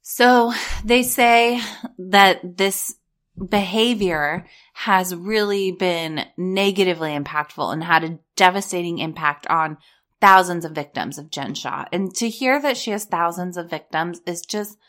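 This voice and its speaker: A woman's voice: on the low side, a little slow, a bit bright. A woman giving casual, blunt commentary while reading court documents aloud, sarcastic and swearing freely.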